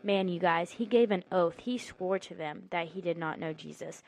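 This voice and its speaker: A woman's voice: fairly low pitch, normal speed, gravelly, darkish tone. A woman hosting a podcast, giving an earnest, casual faith talk full of "like" fillers. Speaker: podcast host.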